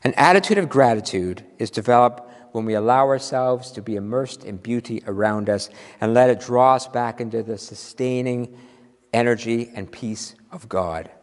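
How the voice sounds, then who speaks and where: A man preaching a sermon as minister, playful and animated, drawing out his exclamations slowly for effect. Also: medium pitch. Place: church sanctuary. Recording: long hall reverb.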